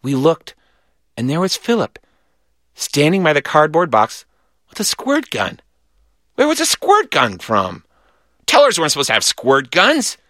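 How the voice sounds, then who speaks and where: A man reading a children's story aloud in a lively, animated way. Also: fairly high pitch, unhurried, long pauses, no room sound, clean studio sound.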